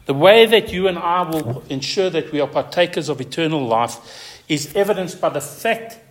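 A man preaching a sermon as pastor, stressing key words with repetition and rising to high emphatic peaks. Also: lively intonation, normal speed.

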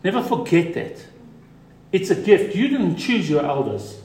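A man preaching a sermon as pastor, emphatic, repeating key words and dropping to a quiet voice for stress. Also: high voice, sing-song, unhurried, reverberant.

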